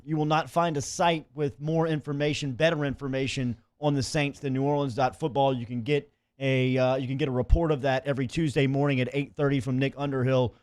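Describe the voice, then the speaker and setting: A man's voice: medium pitch, a little mellow, no echo, clean studio sound. A man hosting a sports radio show, reading promotional plugs in an upbeat way and putting questions to his guest. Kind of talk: radio hosting with sponsor reads. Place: radio studio.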